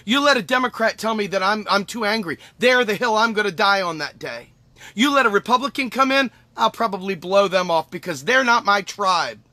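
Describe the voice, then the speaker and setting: A man's voice: sits high, animated, a little fast, sharp tone, no room sound. Man, host, angry emphatic rant, profane, repeats himself, dry close sound. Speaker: podcast host. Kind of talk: impassioned political monologue.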